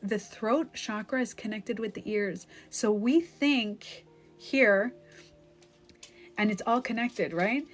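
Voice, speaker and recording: Candid woman on a phone live stream. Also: mid-range voice. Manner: candid, emotional storytelling with frequent "like". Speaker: life coach.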